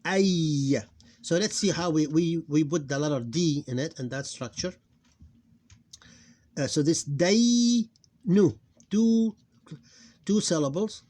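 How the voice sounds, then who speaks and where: Guy teaching phonics, lots of uh, drags out the sounds, kinda high voice. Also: a little mellow. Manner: hesitant, many fillers, slows down to sound out words. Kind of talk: explaining a lesson on screen.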